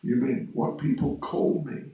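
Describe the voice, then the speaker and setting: A god disguised as a big, strong girl, voiced by a male storyteller, fumbling and stalling over every question. The delivery is slow and evasive. It echoes heavily in a hall, picked up from a distance. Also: mid-range voice, dark tone, close to an everyday voice. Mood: flustered. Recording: echoey hall, mic far off.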